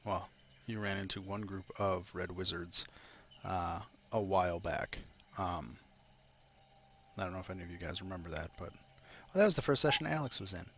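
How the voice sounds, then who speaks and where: A man's voice: low-pitched, moderate pace, fairly bright tone, a little hiss or hum. A man running a tabletop game as game master, narrating in a rambling way with many fillers.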